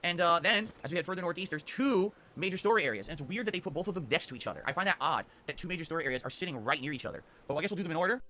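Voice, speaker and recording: A man's voice: fairly high pitch, animated, racing, few pauses, pushed and bright, a little hiss or hum. A man, a game streamer, casually running through his streaming schedule in an upbeat, rambling way, often tagging sentences with "okay?".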